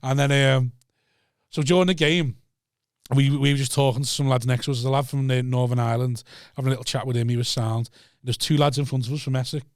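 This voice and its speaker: A man's voice: medium pitch, fast, no room sound, clean studio sound. A man co-hosting a podcast, telling a story in casual chat, swearing freely and acting out the quotes. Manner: swears freely, acts out quotes with lively voices. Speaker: podcast co-host.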